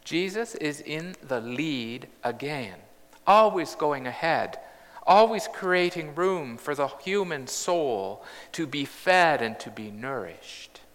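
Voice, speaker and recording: A man in his fifties delivers a sermon in a measured, reflective way, breaking into humour now and then. His voice sits a little high and sounds bright and clear. The long reverb of a large church trails behind him. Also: animated. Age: 50s. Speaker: pastor.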